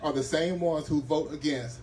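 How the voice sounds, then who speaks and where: A man's voice: on the high side, fairly even intonation, moderate pace, a little mellow, distant mic, rough recording. Man, community advocate, fiery podium speech, mic set back, faint ambient hiss. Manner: rousing, preacher-like delivery addressing the crowd. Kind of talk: impassioned press conference speech. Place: outdoor press conference.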